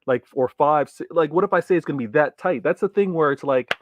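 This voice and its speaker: A man co-hosting a casual football podcast, measured and hesitant, thinking things through aloud with fillers. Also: fairly high pitch, dry recording, phone-quality sound. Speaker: co-host, not a United fan.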